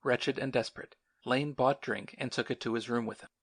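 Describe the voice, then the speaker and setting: A man narrating a novel as an audiobook in a measured, sombre manner. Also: mid-range voice, fairly even intonation, a bit bright, slightly rough. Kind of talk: scripted narration.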